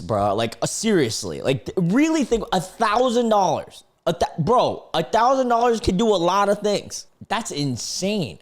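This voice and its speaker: Young man, casual reaction commentary, slangy, laughing, lively up-and-down voice. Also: high-pitched, normal speed, few pauses. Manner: laid-back, slangy, often laughing and exclaiming. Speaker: reaction video host.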